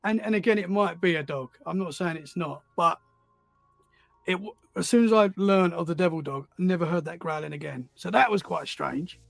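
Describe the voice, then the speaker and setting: High gravelly man telling stories. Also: moderate pace, no room sound, soft background music. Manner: rambling, repeats words while finding his thread. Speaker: podcast guest, paranormal enthusiast. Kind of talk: casual storytelling.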